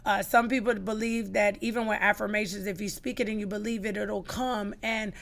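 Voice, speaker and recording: Middle-aged woman w a gravelly voice telling her story on a podcast, acts out quotes, gets loud. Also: mid-range voice, steady tone, a little fast. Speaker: podcast guest. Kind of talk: personal testimony on a podcast.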